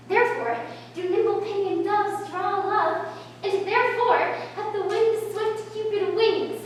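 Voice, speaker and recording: A woman's voice: very high-pitched, fairly bright tone, a little hiss or hum. Woman doing an impatient, pleading young lover, live stage play, heard from afar over faint ambience. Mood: longing. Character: impatient young girl in love, eager and pleading. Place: outdoor stage. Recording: distant echoey stage recording, faint ambience.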